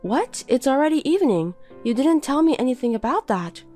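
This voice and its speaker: Woman doing a higher, pleading young housewife. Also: big pitch swings, brisk, dark tone, soft background music. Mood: defensive. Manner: pleading and defensive. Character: tired, hurt young housewife. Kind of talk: reading a text-message story.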